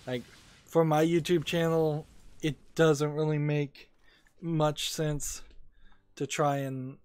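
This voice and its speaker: A man's voice: on the high side, level tone, slow, darkish tone, clear, resonant tone, no echo. A man casually talking over his gaming video as a small YouTube creator, rambling and hesitant with many fillers, a little sleepy.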